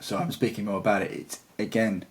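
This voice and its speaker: A man's voice: fairly low pitch, fairly even intonation, a little fast, breathy edge. A man chatting as a guitarist guest in an interview, talking in a rambling, enthusiastic way. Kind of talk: casual interview chat.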